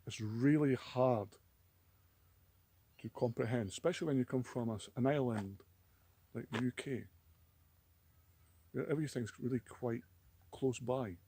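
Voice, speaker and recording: A man's voice: medium pitch, a little slow, pauses often, dark tone, husky. A man with a Scottish accent talking casually to camera in a rambling, aggrieved way, often repeating words. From Scotland. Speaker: vlogger.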